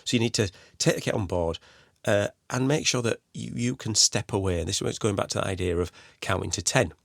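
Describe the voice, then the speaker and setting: Male podcast host, low gravelly voice, dry close sound, chatty and rambling. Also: fast talker, no echo. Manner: conversational, rambling with restarts and "you know". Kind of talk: solo podcast advice talk.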